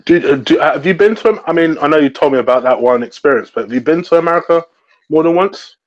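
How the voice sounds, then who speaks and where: An English man co-hosts a relaxed chat in a slightly higher voice that swings widely in pitch. He tells his stories expressively, putting on the voices of the people in them. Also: fast talker, muffled recording. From England. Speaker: co-host. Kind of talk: casual podcast chat.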